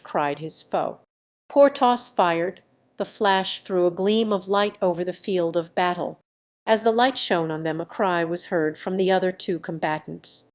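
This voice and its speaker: A woman narrating a classic adventure novel as an audiobook, reading in an even, measured way. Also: fairly low pitch. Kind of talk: scripted narration.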